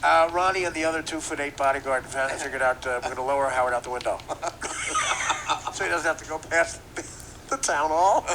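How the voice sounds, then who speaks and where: A man's voice: on the high side, moderate pace, noisy background. A man hosting a podcast, riffing through a profane comedic rant and laughing at his own jokes. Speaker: podcast host.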